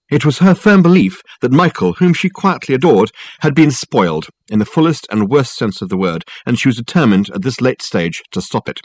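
A man narrating a novel as an audiobook reader, in an expressive, wry storytelling manner. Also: on the low side, no echo. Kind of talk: scripted narration.

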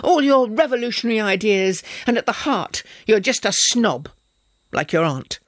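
A man voicing an angry young governess who snaps back in sharp, hissing whispers. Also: high-pitched, sing-song, moderate pace, pitched above the performer's own voice. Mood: bitter. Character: young woman, furious, tearful governess.

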